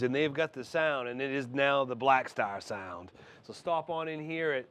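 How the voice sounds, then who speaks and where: In a music store, a middle-aged man with a clear, resonant, medium-pitched voice speaks at normal speed while casually demoing a guitar amp, explaining each setting between riffs. Loud electric guitar plays in the background.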